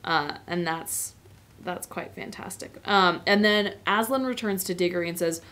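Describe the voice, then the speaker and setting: A woman's voice: on the low side, moderate pace, fairly bright tone. A woman teacher giving an informal, chatty lecture on a novel, with many fillers and asides. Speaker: literature teacher.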